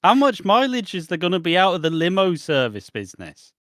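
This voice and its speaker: Podcast cohost guy, wry and jokey, kinda high voice, dry close mic. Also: wildly swooping pitch, fairly quick, a bit bright, no room sound. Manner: wry, joking, dry sarcasm. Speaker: podcast co-host. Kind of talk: casual chat.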